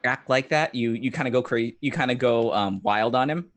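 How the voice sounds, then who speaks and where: A man takes part in a tabletop game, talking in an excitable way and often breaking off mid-phrase. His pitch is ordinary for a man. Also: normal speed. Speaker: player. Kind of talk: casual game chat.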